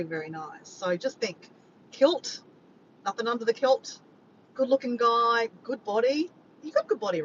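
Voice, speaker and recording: On her casual livestream, an Australian woman banters and jokes with her audience and reads out their messages. The audio is dull and lo-fi, with a faint rumble underneath.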